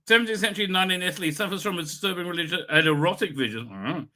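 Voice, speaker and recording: Rambling, sharp-voiced male livestream host. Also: sits high. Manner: rambling, chatty, quick to laugh. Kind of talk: casual live chat, reading viewer comments.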